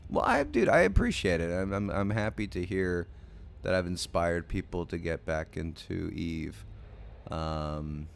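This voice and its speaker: Drowsy, gravelly-voiced man streaming late. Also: sits low, animated, unhurried, slight background noise. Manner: rambling, hesitant, many ums and restarts. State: sleepy, yawning late at night. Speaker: game streamer. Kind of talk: casual livestream chat with viewers.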